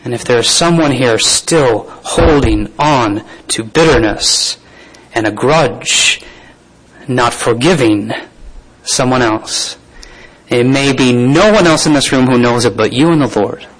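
A man's voice: mid-range voice, unhurried, poor audio. Man preaching, scripture with asides. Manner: reads scripture then comments with asides and soft laughs. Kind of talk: sermon.

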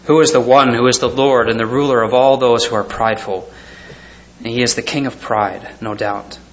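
This pastor's voice is medium-pitched, with fairly even intonation and a normal speed. He preaches, reading scripture aloud and chuckling often as he envisions the scenes, while hesitating with fillers and restarts.

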